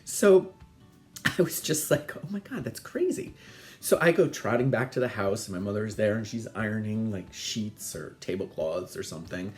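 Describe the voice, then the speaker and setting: A middle-aged man, the host, telling family stories in a chatty, animated way and laughing often. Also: fairly low pitch, normal speed, faint music behind. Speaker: podcast host. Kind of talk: casual storytelling.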